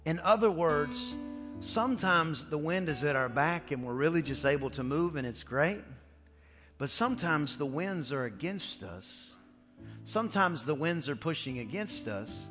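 A male pastor preaching a sermon in a lively, casual storytelling style. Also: a little high, unhurried. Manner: storytelling, animated, casual slang. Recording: echoey church hall with faint music.

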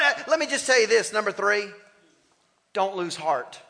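Male pastor, high and very bright voice, fervent sermon delivery, long church reverb. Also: lively intonation, normal speed, creaky, long pauses. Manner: impassioned, calls on the congregation to respond. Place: church sanctuary.

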